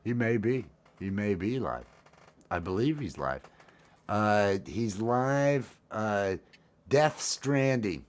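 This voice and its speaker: A man's voice: on the low side, animated, slow pace. A man hosting a casual livestream, rambling in a wry, self-deprecating way. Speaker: livestream host.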